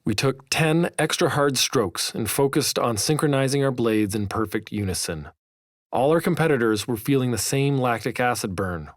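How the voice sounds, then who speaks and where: A man's voice: mid-range voice, lively intonation, no room sound. Man narrating a memoir, dry sound. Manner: measured, vivid storytelling. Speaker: author narrating his own audiobook.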